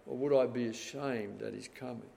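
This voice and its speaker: A man preaching a sermon, swinging between loud dramatic passages and hushed, quiet ones. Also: medium pitch, steady tone, moderate pace, gravelly. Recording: long hall reverb.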